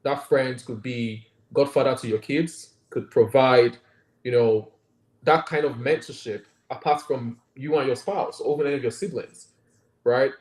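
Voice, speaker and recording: A man's voice: mid-range voice, steady tone, normal speed, a little mellow. A man with a Nigerian accent, a guest doctor in an interview, talking earnestly and reflectively and often checking in with "right?". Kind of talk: conversational interview. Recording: roomy echo.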